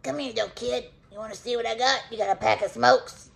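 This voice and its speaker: A woman voicing her dog as a gruff, shady male uncle type with a low, slick, coaxing manner. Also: fairly even intonation, quick pace.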